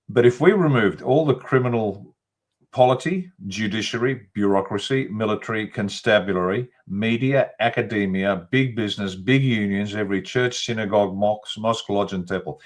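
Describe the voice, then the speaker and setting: Over a video call, an Australian man appearing as a guest commentator in a political interview speaks in a fairly low voice at normal speed. He is blunt and emphatic, rattling off long lists to press his argument.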